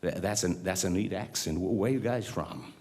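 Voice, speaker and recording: A man's voice: deep voice, normal speed, darkish tone, voice pushed down, natural voice. A Welsh man quoting a curious male American tourist in a live hall. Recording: live hall reverb with music.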